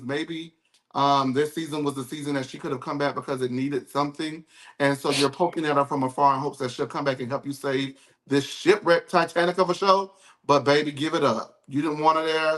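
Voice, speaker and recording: In a mid-range, fairly bright voice, a man hosts a live podcast recapping reality TV. The talk is casual, sassy, and campy, and he keeps calling people "girl" and "baby."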